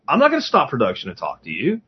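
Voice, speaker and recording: A man's voice: medium pitch, wildly swooping pitch, fast, slightly rough, lo-fi sound. A man talking in a blunt, rambling, profane way in a casual podcast chat.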